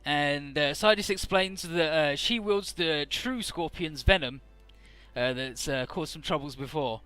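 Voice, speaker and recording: A man's voice: a little high, a little slow, fairly bright tone, clean tone, dry recording, soft background music. A man giving casual gameplay commentary, retelling story scenes with acted quotes and some swearing. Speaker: let's play commentator.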